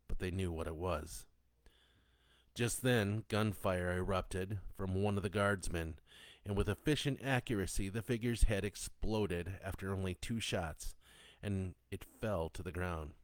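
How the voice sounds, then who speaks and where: Deep-voiced man narrating horror. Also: a little slow, no echo. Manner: steady, descriptive storytelling. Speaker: audiobook narrator.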